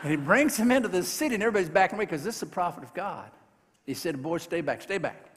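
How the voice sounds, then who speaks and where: A high-voiced man preaching with a lively, swooping delivery. He tells the story in a folksy, joking way, slipping into the characters' voices. His voice rings with the long reverb of a large hall. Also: rapid-fire, noisy background. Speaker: pastor. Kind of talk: sermon. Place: large church sanctuary.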